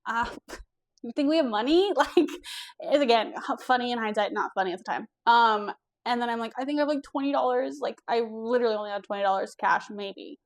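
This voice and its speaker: A young woman from the US East Coast telling a personal story in a casual vlog, candid and animated, swearing now and then. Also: fairly high pitch, brisk. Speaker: vlogger.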